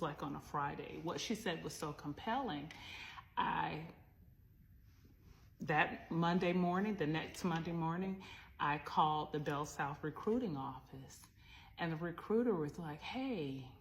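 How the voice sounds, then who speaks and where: Slow, low-voiced woman telling a story. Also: slight background noise. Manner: heartfelt and reflective, with spoken asides. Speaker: vlogger. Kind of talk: personal storytime.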